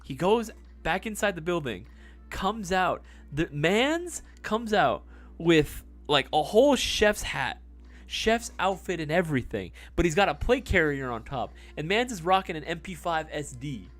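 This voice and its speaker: A man's voice: fairly high pitch, very animated, unhurried, fairly bright tone. A young man telling a story on a live stream in a rambling, casual way, with lots of fillers and swearing.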